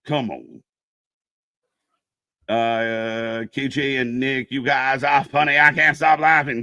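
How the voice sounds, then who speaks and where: A man's voice: medium pitch, steady tone, takes it slowly, long pauses, no room sound, clean studio sound. A man co-hosting a live wrestling fan stream, bantering casually, joking and swearing as he reads out the chat. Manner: joking, profane, laughs loudly.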